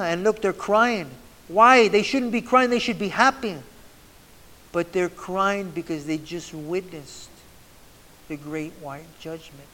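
A man's voice: high-pitched, sharp tone. A man preaching a sermon in a fervent, repetitive way, often restarting mid-phrase. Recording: long hall reverb.

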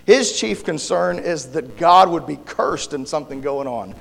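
A male pastor with a gravelly, hoarse voice preaches a sermon and prays, halting and restarting as he searches for words. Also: fairly high pitch, animated. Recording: long hall reverb.

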